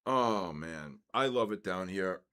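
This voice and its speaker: A man's voice: deep voice, expressive, slow, bright, forceful tone, clean tone. A man hosting a live trading session, rambling into ranting asides between market calls. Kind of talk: casual live trading commentary.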